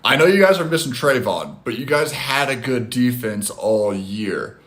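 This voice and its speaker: A man hosting a casual live stream from his phone, talking with chat in an animated, loose way with casual swearing. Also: medium pitch, normal speed.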